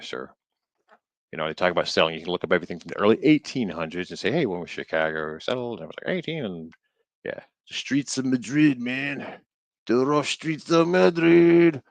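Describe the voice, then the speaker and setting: Male streamer, low voice, dry close mic; casual halting read-aloud with playful asides. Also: a bit bright, no echo. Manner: reads aloud haltingly, stumbling over words and riffing jokingly. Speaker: streamer reading an old book. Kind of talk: casual live-stream book reading with commentary.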